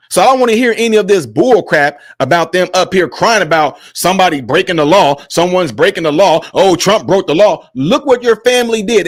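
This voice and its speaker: A man's voice: high-pitched, no room sound, studio quality. A man hosting a commentary vlog, combative and mocking, speaking straight to his viewers. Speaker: host.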